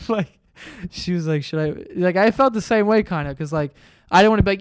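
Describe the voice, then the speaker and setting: A man's voice: fairly high pitch, moderate pace, smooth, no room sound, clean studio sound. A young man hosting a podcast, telling a rambling story in a casual, profane way and jumping into voices for the people he quotes. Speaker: podcast host.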